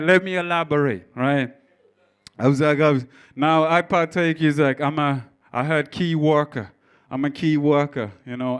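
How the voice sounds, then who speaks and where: A man working a live comedy club crowd, brash and full of swearing as he tells his story. His voice is clear and smooth, and it sits a little higher than most men's. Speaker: stand-up comedian. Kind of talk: stand-up comedy set with crowd work. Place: comedy club stage before a live audience.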